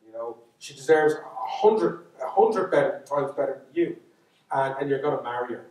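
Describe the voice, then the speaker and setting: A man's voice: mid-range voice, normal speed, a little mellow, lightly acted. An Irish man voicing a stern, well-off farmer father who scolds his son. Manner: scolding, laying down the law. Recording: echoey hall, speaker far from mic.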